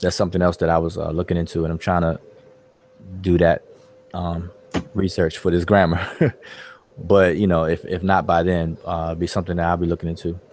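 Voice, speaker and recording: A man's voice: low voice, little pitch movement, fairly quick, a little mellow. A man hosting an online study group, talking in a loose, casual way and repeating words with lots of fillers. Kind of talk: casual discussion.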